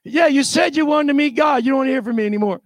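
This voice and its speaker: A preacher plays an exasperated prophet giving impatient, bossy commands. The voice is high and the sound is dry. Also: male voice, racing, dry recording.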